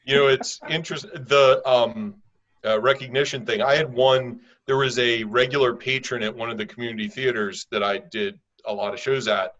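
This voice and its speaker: Casting note: mid-pitched man, dry delivery, muffled recording. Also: steady tone, moderate pace, a bit bright. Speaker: improv comedy cast member. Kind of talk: casual group chat.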